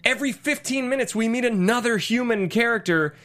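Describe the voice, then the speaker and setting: A young adult man co-hosting a casual movie podcast, animated and swearing freely. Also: very high-pitched, brisk. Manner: animated, swears freely, does mock voices. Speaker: podcast co-host.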